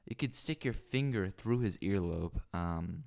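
Solo podcaster, male, low gravelly voice, rambling and crude, home-room mic on a stand. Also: lively intonation, a little slow, darkish tone. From lives in Los Angeles. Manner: rambling, crude, many fillers and restarts. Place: small home room with foam panels. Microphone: microphone on a stand.

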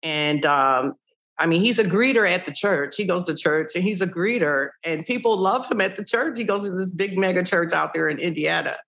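A woman's voice: fairly low pitch, normal speed. An older woman, founder of a child-recovery group, telling stories in an interview and acting out old conversations with many "you know" asides. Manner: animated, acts out past conversations. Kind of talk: interview storytelling.

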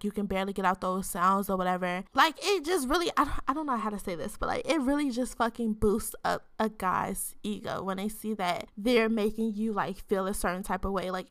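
A woman's voice: mid-range voice, pushed and bright, dry recording, studio quality. A woman hosting a podcast, tipsy and talking frankly in a loose, profane, rambling way full of filler words. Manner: says she code-switches into a different voice on the podcast. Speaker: podcast host. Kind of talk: casual frank sex-advice chat.

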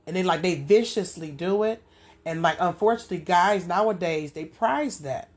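A woman's voice: fairly low pitch, normal speed, a little mellow. A woman hosting a podcast, talking in a loose, rambling monologue full of casual asides and repeated "you know what I'm saying.". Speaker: podcast host.

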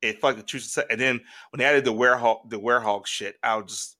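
A man co-hosting a podcast in casual chat, rambling and excitable with lots of restarts. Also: mid-range voice, quick pace. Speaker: podcast co-host.

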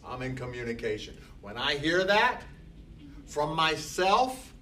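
Slow, emphatic older male teacher. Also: fairly high pitch, sing-song, sharp tone. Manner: emphatic, repeats short phrases. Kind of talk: classroom lecture. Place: classroom. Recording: distant mic with faint background noise.

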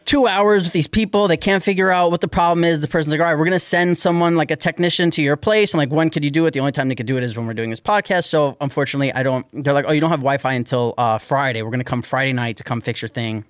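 Profane ranting man, fairly high voice. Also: quick pace, hardly any pauses, smooth, no room sound, clean studio sound. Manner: animated, profane, exasperated ranting. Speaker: podcast host. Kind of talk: casual storytelling chat.

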